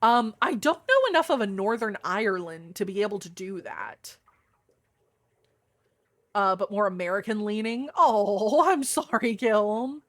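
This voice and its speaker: Young woman, streamer, deeper-than-usual voice, loose sweary chat with viewers, desk mic. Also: expressive, normal speed, pauses often, a bit bright. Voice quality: deeper voice than most women. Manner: chatty, swears casually, reacts to chat. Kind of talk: casual live-stream chat.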